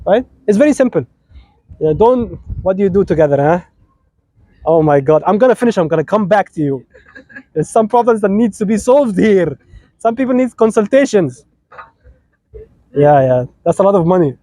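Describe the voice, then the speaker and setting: A man's voice: high voice, lively intonation, normal speed, long pauses, mellow, no echo, poor audio. A man with an Egyptian accent officiating a wedding, giving a playful sermon and teasing the couple as he talks to them directly.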